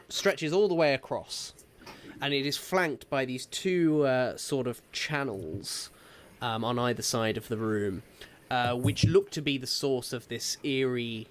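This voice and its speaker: A man's voice: medium pitch, slight background noise. A man narrating a tabletop game as dungeon master, describing scenes with frequent fillers and hesitations.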